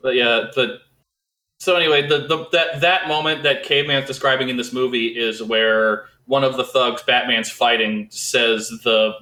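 A man with a bright, forceful voice lays out his points about films at length. His voice rings in an echoey room. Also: medium pitch. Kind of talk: casual chat about films.

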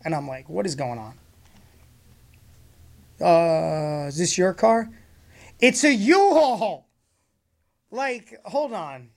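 Animated man telling a comic story. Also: on the high side, takes it slowly, gravelly, long pauses. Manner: animated, acts out both sides of exchanges; laughs often mid-story.

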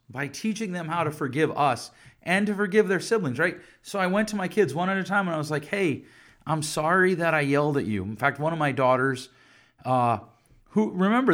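A man's voice: fairly high pitch, a bit bright. A middle-aged man hosting a parenting talk, speaking candidly about his own mistakes and acting out short exchanges with his children. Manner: candid and self-disclosing, acts out little dialogues with his kids. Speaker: parenting podcast host and counselor. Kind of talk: reflective solo talk to camera.

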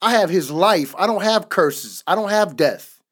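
A man's voice: high voice, lively intonation, a little slow, a bit bright. A man on a podcast giving a casual, emphatic faith testimony in a repetitive, preaching cadence. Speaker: podcast co-host.

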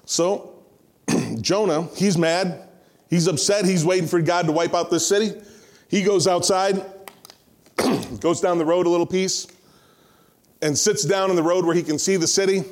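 A man preaching a sermon, retelling a scripture story in an animated, conversational way and acting out the voices. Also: fairly high pitch, moderate pace, long pauses. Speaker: pastor.

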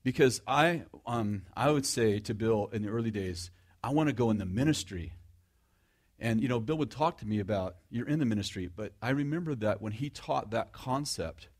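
Preaching in a conversational style, this middle-aged man jokes at his own expense, keeps restarting his sentences, and asks the audience questions. He has a lowish voice with lively intonation and talks at a normal speed.

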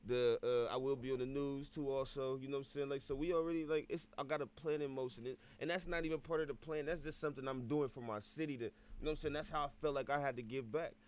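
A young man talking casually as a guest artist, relaxed and full of fillers. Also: mid-range voice, quick pace, hardly any pauses, clean tone. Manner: relaxed, filler-heavy street talk. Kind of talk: casual chat.

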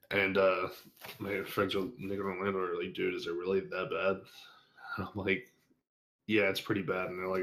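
Deep-voiced young man telling a crude story. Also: moderate pace, gravelly. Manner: crude, animated anecdote with acted-out quotes. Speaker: guest storyteller. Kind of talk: casual storytelling, profane.

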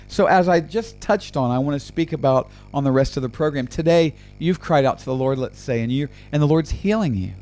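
A man's voice: on the high side, fairly quick, few pauses, a little mellow. Fervent man preaching and praying. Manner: fervent, repetitive, stumbles and repeats words. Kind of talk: sermon with spoken prayer. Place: radio program.

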